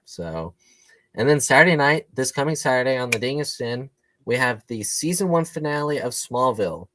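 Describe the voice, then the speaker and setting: A man's voice: medium pitch, expressive, normal speed, bright, forceful tone, dry recording. A man co-hosting a casual podcast, chatty and rambling with fillers. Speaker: podcast co-host. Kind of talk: casual chat.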